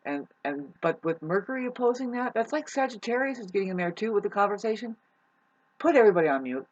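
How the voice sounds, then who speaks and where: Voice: medium pitch, very animated, fast, lo-fi sound. Rambling, casual astrology vlogger. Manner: meandering, many restarts, swears casually. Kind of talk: casual rambling monologue to viewers.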